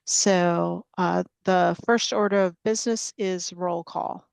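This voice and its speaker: A sick, worn-out woman runs a remote public meeting on a video call. Her voice stays smooth and clear in a dry, close sound, but she hesitates, restarts and fills gaps with ums as she reads the formal opening. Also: on the low side, fairly even intonation, no echo. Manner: halting, with frequent fillers and restarts. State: sick and tired.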